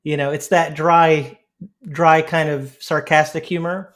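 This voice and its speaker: A man's voice: fairly high pitch, unhurried. A man hosting a podcast, telling funny stories in casual chat with frequent laughter. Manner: laughing, storytelling, relaxed. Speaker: podcast host.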